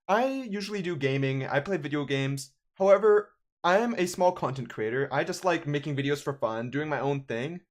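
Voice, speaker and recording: Sarcastic young man, slightly high voice. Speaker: gaming YouTuber. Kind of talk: casual commentary rant.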